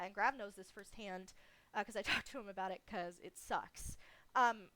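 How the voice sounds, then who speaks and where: A woman's voice: a little high, bright, forceful tone. A woman streamer talking casually and candidly in a livestream Q&A, swearing freely and laughing often.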